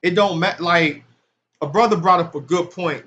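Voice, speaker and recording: Bright and forceful, this man's slightly high voice moves at a moderate pace as he comments on scripture. He starts in loose, casual street talk and rises into impassioned, emphatic preaching.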